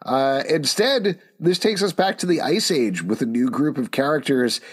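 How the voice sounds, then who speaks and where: A man co-hosts a casual comic book review show and cracks jokes between reading out credits. His voice is slightly husky. His pitch swings widely as he talks. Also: animated, moderate pace. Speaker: podcast co-host.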